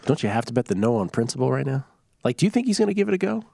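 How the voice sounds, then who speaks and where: Animated joking man, lively pitch. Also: very fast, vocal fry, no echo, studio quality. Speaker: sports betting show host. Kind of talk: casual sports betting chat.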